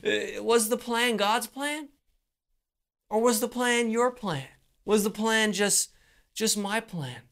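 Preacher mid-sermon: unhurried, measured pace, halting repeats and pauses. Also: medium pitch, fairly bright tone. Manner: slow, deliberate delivery with frequent repeated words and pauses.

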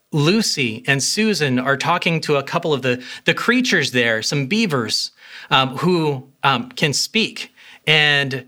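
Bright-voiced, earnest male pastor. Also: mid-range voice. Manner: earnest, conversational with fillers. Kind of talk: sermon.

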